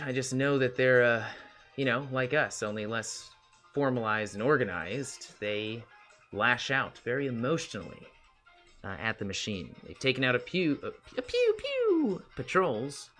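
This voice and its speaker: A man's voice: medium pitch, lively intonation, moderate pace, pushed and bright, faint music behind. A man playing a brash twelve-year-old hacker girl. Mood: offhand. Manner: boastful, offhand, brash. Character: cocky young girl hacker, about twelve. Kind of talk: tabletop role-play in character.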